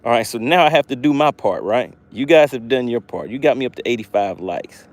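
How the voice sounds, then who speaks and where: A man hosting a live fishing stream, talking excitedly to his chat viewers. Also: mid-range voice, a little fast. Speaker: fishing livestream host.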